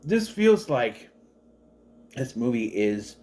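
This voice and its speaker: A man's voice: medium pitch, takes it slowly, a little hiss or hum. A man giving a casual, chatty movie review, rambling with many fillers and restarts and acting out the characters' lines. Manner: animated, acts out the characters' lines.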